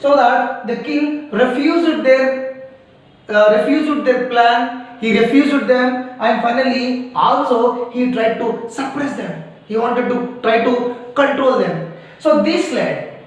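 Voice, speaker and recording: High-voiced man teaching slowly in an echoey room. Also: recorded from a distance. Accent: Indian English. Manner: repeats key phrases, quizzes students. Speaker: school teacher. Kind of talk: classroom lecture.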